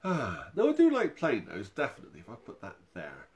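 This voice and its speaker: Lively, gentle man hosting a toddler music session. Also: mid-range voice, fairly quick. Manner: gentle, chatty, talks directly to small children. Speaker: children's music session host. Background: ukulele playing.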